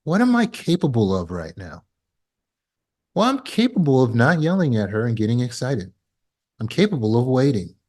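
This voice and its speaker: This instructor has a mid-range, darkish voice with big swings in pitch and a moderate pace. Leading a trauma recovery class by video call, he earnestly acts out short scenes, breaking into sudden alarm to drive his lessons home.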